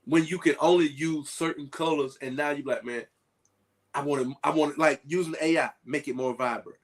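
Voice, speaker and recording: A man talking casually to a group, telling lively stories with folksy asides. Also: a little high, a little fast. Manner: animated storytelling with folksy asides.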